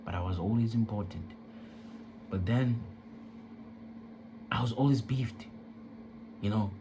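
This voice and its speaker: A man's voice: lowish voice, unhurried, noisy background. A young man candidly telling a personal story, emotional and profane, in casual street slang.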